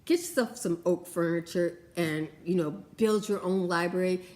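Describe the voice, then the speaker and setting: Gushing, chatty woman vlogger. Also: moderate pace. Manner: chatty and gushing, lively swings in pitch. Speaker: beauty vlogger. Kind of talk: casual product review chat.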